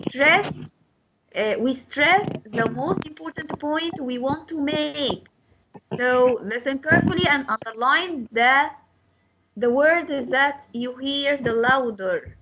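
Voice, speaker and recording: A woman's voice: high-pitched, slow, dull audio, noisy background. A woman teaching an English class, explaining step by step and repeating her instructions with many hesitations; her first language is Arabic.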